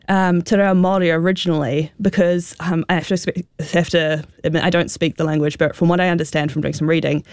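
A woman's voice: on the low side, darkish tone, dry recording, studio quality. A woman with a New Zealand accent, a guest expert explaining slang in a radio interview, talking with many fillers like "sort of" and "um".

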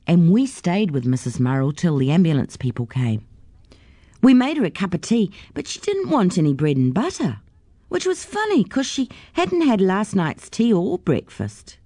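Woman reading a kids story, mellow voice, lots of ups and downs, dry. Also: lowish voice, dry recording.

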